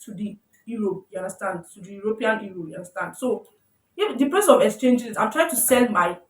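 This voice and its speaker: A woman's voice: mid-range voice, lively intonation, a little fast, far from the mic, slight background noise. A woman teaching a casual tutorial. She often corrects herself mid-sentence and keeps checking in with "you understand?". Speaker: forex trading teacher. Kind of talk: informal tutorial explaining slides. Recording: roomy sound, voice away from the mic.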